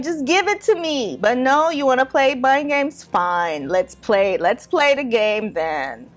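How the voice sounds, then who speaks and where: A young woman hosts a podcast, giving a casual advice monologue in a chatty, wry way, peppered with "like" and small laughs. Her voice is medium-pitched with a fairly bright tone.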